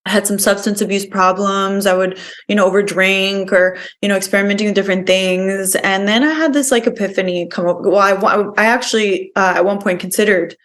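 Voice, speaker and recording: A woman's voice: medium pitch, fairly even intonation, fairly quick, hardly any pauses, fairly bright tone. Earnest young woman telling her story. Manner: earnest, lots of filler "like" and "you know". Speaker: podcast guest. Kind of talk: personal storytelling in an interview.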